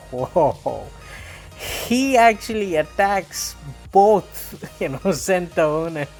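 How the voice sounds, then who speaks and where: A man reviewing a manga chapter in a loose, rambling way, full of fillers and little chuckles. He talks very slowly. Faint background music plays under his voice. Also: a little high. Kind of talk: casual review vlog.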